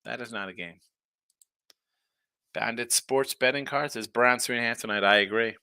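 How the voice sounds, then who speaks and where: A man hosting a sports betting show, chatting casually and reacting to viewer comments in a lively, tired-but-animated way. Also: mid-range voice, normal speed, clean tone, no room sound, studio quality. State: tired, yawning. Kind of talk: casual betting talk reading chat.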